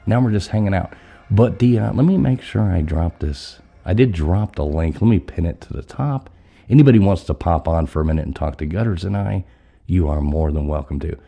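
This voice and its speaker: A man's voice: low voice, animated, brisk, creaky, mellow. A man hosting a casual live stream, chatty and loose, swearing casually, his voice scratchy from being sick.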